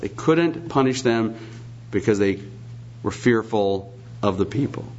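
A man's voice: fairly low pitch, lively intonation, unhurried, a little mellow, slight background noise. A man preaching a sermon, emphatic and repetitive, posing rhetorical questions, in a dull lo-fi recording.

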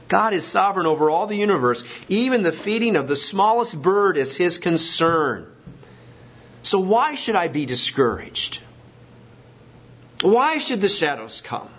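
A man's voice: high voice, big pitch swings, unhurried, fairly bright tone, slightly rough. A man preaching a sermon as pastor, emphatic and rising to stress his points. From Washington state. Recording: dull lo-fi recording.

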